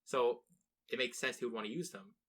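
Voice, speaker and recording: A man's voice: medium pitch, steady tone, fairly quick, a bit bright. A young man co-hosting a casual podcast, rambling, restarting sentences and swearing freely. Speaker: podcast co-host. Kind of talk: casual chat.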